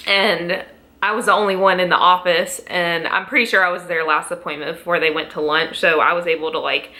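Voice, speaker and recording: Young woman, vlogger, bright clear tone, lowish voice, emotional storytelling at home. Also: steady tone, brisk. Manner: emotional, tearful storytelling with laughs. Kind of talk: casual pregnancy update vlog.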